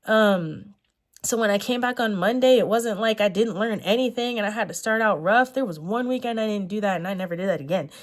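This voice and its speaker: A woman's voice: medium pitch, fairly quick. A young adult woman talking in a sit-down vlog chat, earnest and rambling, often correcting herself with fillers. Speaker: vlogger.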